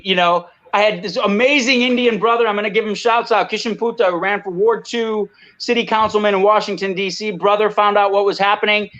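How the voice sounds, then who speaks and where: A man's voice: high voice, a bit bright, dull audio. A man speaking as a guest on a video call, heated and emphatic, often saying "you know" and "I mean". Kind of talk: impassioned video call talk.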